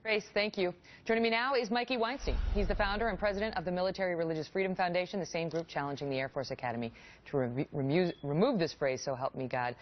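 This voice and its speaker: Woman, news anchor, quick delivery, pointed repeated questions, dull lo-fi TV audio. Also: on the low side, slight background noise. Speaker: news host. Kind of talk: cable news interview.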